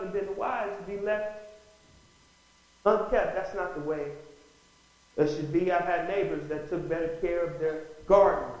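Male pastor mid-sermon, higher-pitched voice, calls out "Amen?" to the flock, heavy room echo. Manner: preaching with call-outs of "Amen?" and rising bursts of emphasis. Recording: very echoey room.

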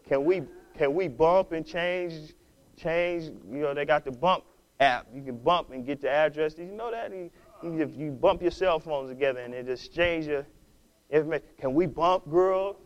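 A male pastor with a notably high voice preaches at normal speed, exhorting his listeners. He stumbles and repeats words, then builds into loud, fervent preaching, all on dull-sounding audio.

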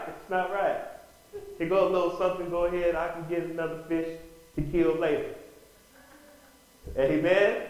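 A man preaching a sermon, his voice pitched high for a man and rising into bursts of emphasis. He calls out "Amen?" to the congregation, and his words ring around a very echoey room. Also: little pitch movement, moderate pace, gravelly, pauses often, a little mellow. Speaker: pastor.

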